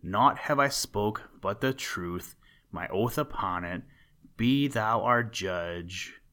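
A man's voice: lowish voice, slow, bright, forceful tone. Proud accusing count, ringing and formal, read out by a guy. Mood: declaiming. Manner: ringing, declaiming. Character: accusing noble count, forceful.

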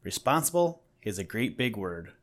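Low-voiced man reading a storybook. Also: sing-song, normal speed. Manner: gentle, addressing the listener. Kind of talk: storybook narration.

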